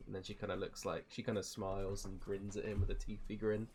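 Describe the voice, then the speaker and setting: A man's voice: low-pitched, level tone, fast, a little mellow, slight background noise. Brief: easygoing male player, chatty and loose. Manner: casual, with many likes and ums. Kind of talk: casual chat in a tabletop game.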